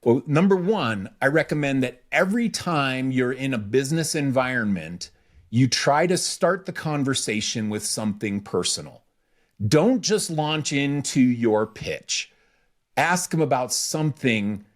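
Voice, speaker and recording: Man giving animated business advice. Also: unhurried. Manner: animated, acts out quoted small talk with pitch jumps; informal, says "freaking", repeats phrases. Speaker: podcast co-host. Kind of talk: casual advice chat.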